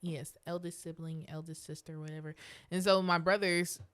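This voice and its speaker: A woman co-hosting a podcast in casual chat, bubbly and quick to laugh. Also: low-pitched, smooth. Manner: bubbly, animated, laughs often. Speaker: podcast co-host.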